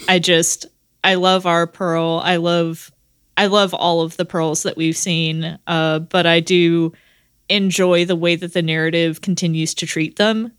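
A woman co-hosting a podcast, enthusing about a show in halting, rambling sentences. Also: on the low side, level tone, clear, resonant tone, dry recording. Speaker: podcast co-host. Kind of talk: casual podcast chat.

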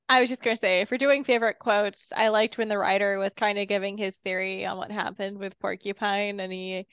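A woman's voice: mid-range voice, steady tone, a bit bright, clean tone, no echo. Giggly woman on a slightly dull line. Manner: giggly, quick to laugh. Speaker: podcast co-host. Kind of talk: casual film discussion.

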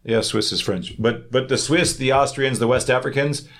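A man from Canada hosting a casual podcast, telling lively stories and acting out quoted people in funny voices. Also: medium pitch, moderate pace. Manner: animated storyteller, acts out quotes in funny voices. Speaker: podcast host.

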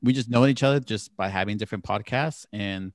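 A man co-hosting a casual podcast, his voice sitting on the low side. He talks with enthusiasm and laughs easily, recorded dry and close to the mic. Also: a little fast, dry recording. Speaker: podcast co-host. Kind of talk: casual chat.

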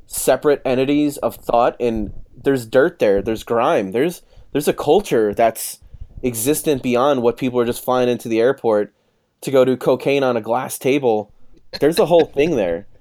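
A man in his thirties telling a rowdy story in casual chat, swearing freely and acting out what others said. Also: mid-range voice. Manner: profane, animated storyteller acting out quotes.

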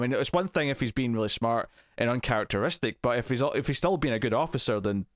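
A man in casual podcast chat, recapping a TV episode in a rambling, animated way and acting out quotes. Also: mid-range voice, fast talker, hardly any pauses, no echo, studio quality. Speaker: podcast co-host.

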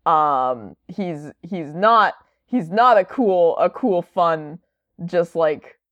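A woman's voice: on the low side, lively intonation, very slow, a bit bright, no echo, highs cut off. A woman chatting casually, rambling with lots of fillers and wry asides. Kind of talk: casual chat.

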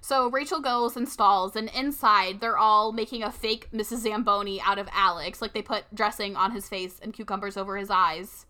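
Bright, chatty young woman. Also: mid-range voice, steady tone, normal speed, few pauses. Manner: chatty, heavy use of filler "like". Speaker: podcast co-host. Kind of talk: casual podcast chat recapping a movie.

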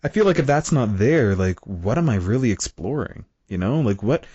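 Lively low-voiced man, halting chat. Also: husky, no echo. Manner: animated, hesitant, many "like" fillers. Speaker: podcast guest. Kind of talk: casual chat. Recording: dry dull lo-fi sound.

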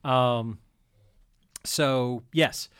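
A man's voice: mid-range voice, extremely slow, a bit bright, clear, resonant tone, dry recording. A man hosting a community radio talk show, chatty, with joking asides and laughs. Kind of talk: casual panel talk radio.

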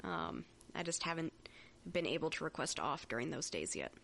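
Wry, lower-voiced woman. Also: sing-song, creaky, a bit bright, slight background noise. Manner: easygoing, wry, quick laughs. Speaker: podcast co-host. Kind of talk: casual podcast chat.

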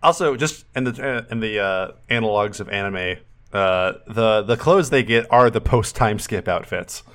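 A man's voice: on the low side, moderate pace, fairly bright tone. A man co-hosting a casual podcast recap, joking and acting out quotes from the show. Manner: jokey, acts out quotes. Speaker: podcast co-host.

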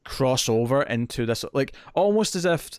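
A man's voice: medium pitch, expressive, normal speed, clear, resonant tone, no echo. Man in casual analytical chat, dry sound. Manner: thoughtful, analytical. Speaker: podcast co-host.

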